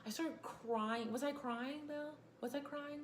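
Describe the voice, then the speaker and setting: A woman's voice: high-pitched, a little slow, reverberant, slight background noise. A woman, teaching a casual class and rambling into chatty asides.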